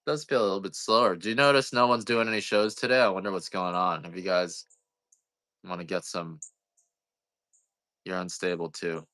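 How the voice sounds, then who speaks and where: Deep, forceful man rambling on a livestream. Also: steady tone, normal speed, pauses often, no echo. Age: adult parent. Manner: rambling, self-deprecating, joking. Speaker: livestream coffee seller. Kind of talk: casual livestream chat.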